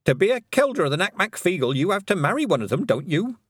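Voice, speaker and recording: A cheerful, chatty old witch woman, homely and loud with a rising lilt. A man does her voice while reading the story. The sound is close and dry. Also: high voice, very animated, moderate pace, breathy edge, dry recording, voice pushed up, heavily acted.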